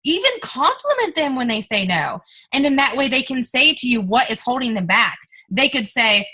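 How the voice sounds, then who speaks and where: Bright, upbeat young woman coaching a team. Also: a little high, expressive, normal speed, poor audio. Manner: emphatic, coaching, addresses listeners as you guys. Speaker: team leader giving a sales training talk. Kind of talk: motivational training talk.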